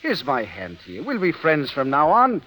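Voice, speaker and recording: A hot-headed sailor. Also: male voice, a little high, wildly swooping pitch, moderate pace, pushed and bright, long reverb tail, exaggerated voice, poor audio. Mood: bantering. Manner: lilting Irish turns of phrase, blustering. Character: brawling Irish sailor, hot-headed and ardent. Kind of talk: 1930s radio drama acting.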